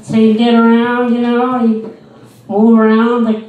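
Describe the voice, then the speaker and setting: A man's voice: very high voice, completely flat delivery, unhurried, recorded from a distance, phone-quality sound, a little hiss or hum, pitched above the performer's own voice. A man putting on the voice of a nosy, patronizing woman of about sixty, gushing in a sing-song tone. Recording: echoey room, mic heard from afar.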